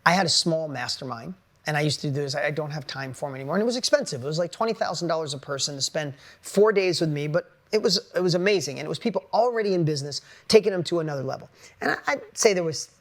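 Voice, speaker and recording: A man giving a blunt, energetic motivational talk to an audience as a business coach, casual and swearing freely. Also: fairly high pitch, fast talker.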